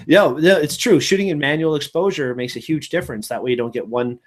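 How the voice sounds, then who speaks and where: A man hosting a live online photo show in casual, upbeat, encouraging chat, quick to laugh. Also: fairly high pitch.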